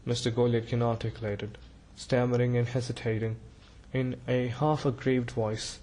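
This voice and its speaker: A man narrating a classic novel as an audiobook, reading in a measured, even way. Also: mid-range voice, low-quality recording.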